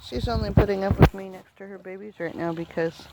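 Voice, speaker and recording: A woman's voice: mid-range voice, steady tone. Chatty woman on a flooded farm. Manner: chatty, grumbling jokingly at her animals. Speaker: farm vlogger. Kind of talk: casual vlog narration. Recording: outdoor noise, running creek water. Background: rushing water.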